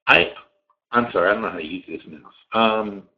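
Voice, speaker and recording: Animated swearing man hosting a webinar. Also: on the low side, a little fast. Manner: animated, digressive, swears casually. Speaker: webinar host and trading educator. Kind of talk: casual live webinar talk. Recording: roomy, slightly dull sound.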